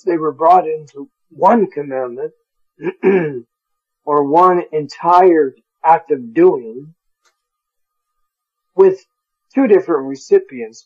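Slow, deliberate man teaching Bible Greek. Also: fairly high pitch, darkish tone, slightly rough, highs cut off. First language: English. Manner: slow, deliberate, spells out Greek words, chuckles at own stumbles.

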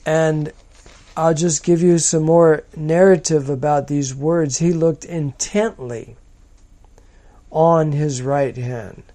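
A man teaching from a psalm in a slow, deliberate, emphatic manner. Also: a little high, steady tone, mellow. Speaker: preacher.

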